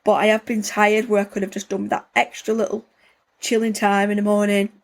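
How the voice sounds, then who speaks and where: A woman's voice: medium pitch, flat delivery, a little fast. A woman, hosting a podcast in a casual, rambling chat with lots of fillers. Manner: chatty, rambling, many fillers like "like" and "you know". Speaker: podcast host.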